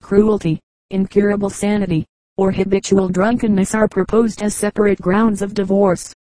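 Casting: measured woman audiobook reader, warm dark tone, dry close mic. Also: mid-range voice, little pitch movement, no room sound, rough recording. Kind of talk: scripted narration of anecdotes.

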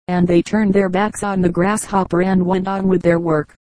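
A woman reading fables aloud as an audiobook narrator, in a calm, measured way. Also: lowish voice, no echo, low-quality recording. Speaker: audiobook reader. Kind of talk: storybook narration.

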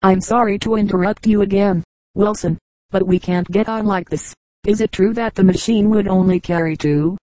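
Woman reader doing an impatient, interrupting male traveler, dark tone, storybook. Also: mid-range voice, fairly even intonation, normal speed, no room sound, natural voice, low-quality recording. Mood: exasperated. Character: exasperated older male commercial traveler.

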